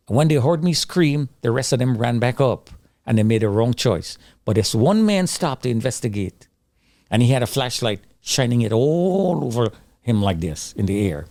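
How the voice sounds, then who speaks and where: A middle-aged man gives an intense personal testimony about surviving a disaster, acting out his own pleas and the shouts he heard. His voice is medium-pitched, and the recording is dry and studio-clean.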